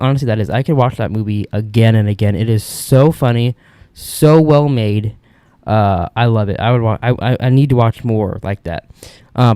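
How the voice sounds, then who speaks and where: A man's voice: mid-range voice, warm tone, clean tone, no room sound, studio quality. A young man hosting a podcast, telling stories in a casual, rambling, candid way from an upstairs room at home. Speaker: podcast host. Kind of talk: casual solo monologue.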